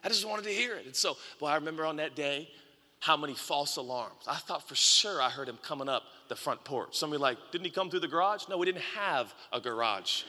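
A man in his thirties, a pastor preaching a sermon, telling a story with playful asides to the congregation and swinging from hushed to shouting. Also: fairly high pitch, expressive, a little fast. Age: 30s. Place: large church auditorium. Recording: reverberant church hall.

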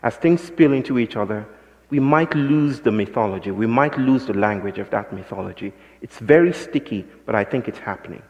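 A man giving a public talk, telling stories in a measured, philosophical way. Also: medium pitch, lively intonation, lo-fi sound. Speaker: speaker. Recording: long hall reverb.

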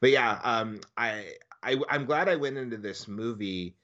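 A man's voice: mid-range voice, a little slow, sharp tone, highs cut off. A man co-hosting a casual film review podcast, talking thoughtfully with restarts. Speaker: podcast co-host.

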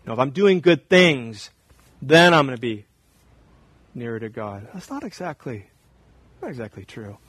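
A man in his thirties preaching a sermon, swinging from hushed, intimate talk to raised, emphatic repetition. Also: medium pitch, sing-song, moderate pace, pauses often, low-quality recording. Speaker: pastor.

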